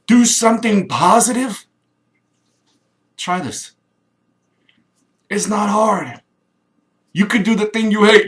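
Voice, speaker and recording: A middle-aged man from Kansas in a rambling, enthusiastic direct-to-camera pitch, acting out little quoted voices. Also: a bit bright. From Kansas, USA. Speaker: home business promoter.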